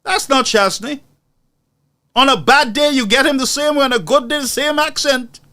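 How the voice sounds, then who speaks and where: A man's voice: very high-pitched, normal speed, bright, forceful tone. Indignant male commentator. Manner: indignant, mocking, rhetorical. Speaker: news commentary host. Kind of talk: impassioned political commentary.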